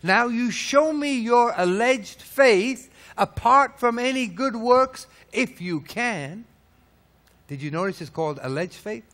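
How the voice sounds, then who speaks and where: A man preaching a sermon, firing rhetorical questions and swinging from loud peaks to low, hushed lines. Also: lively intonation, takes it slowly. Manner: emphatic, hammering rhetorical questions.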